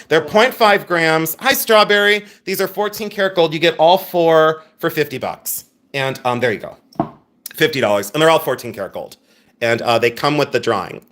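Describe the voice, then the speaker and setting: A man's voice: on the high side, fairly bright tone, slight background noise. Giggly, joking man selling jewelry live. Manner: joking, giggly and self-mocking; chatty, talks straight to viewers. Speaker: livestream jewelry seller. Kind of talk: live sales stream chat.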